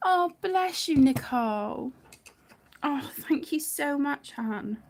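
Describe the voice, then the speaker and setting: A woman hosts a relaxed colouring live stream, talking slowly in a soft, mellow voice with a gravelly edge. She chats to her viewers with lots of fillers and restarts, and often sinks to a near whisper. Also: sits high. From United Kingdom. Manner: chatty, warm-hearted, many fillers and restarts. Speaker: colouring channel host. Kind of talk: casual live-stream chat while colouring.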